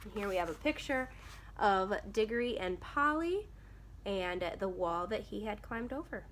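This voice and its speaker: Woman reader for a children's novel; bright, expressive storytelling. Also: mid-range voice, a little slow, slight background noise. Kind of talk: reading a children's novel aloud.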